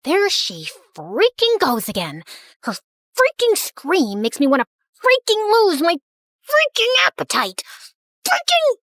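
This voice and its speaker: A woman voicing an irritated teenage girl who rants about a classmate in an animated story. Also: extremely high pitch, slow, no echo, shouting, studio quality, voice pushed up, exaggerated voice. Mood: exasperated. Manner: exasperated, ranting.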